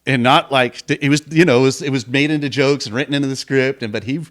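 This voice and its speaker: A man's voice: medium pitch, fairly even intonation, quick pace. A male host chatting casually and a bit hesitantly with his guest. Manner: laid-back, hesitant, lots of fillers. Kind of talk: casual interview chat.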